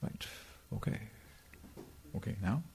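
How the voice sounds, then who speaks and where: A man's voice: measured pace, warm tone, slight background noise. A man giving an informal scripture talk and taking questions, rambling and chuckling with lots of "you know". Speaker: spiritual teacher.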